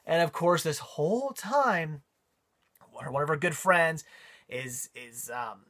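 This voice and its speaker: A man's voice: fairly high pitch, very animated, slow, a bit bright. A man giving a casual spoken movie review, rambling with frequent ums and repeated words.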